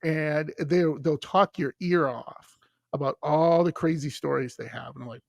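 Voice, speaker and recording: A man's voice: on the high side, measured pace, creaky, no echo, studio quality. A man, a podcast guest telling stories in casual chat and acting out the people he quotes. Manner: animated storyteller who acts out quoted voices.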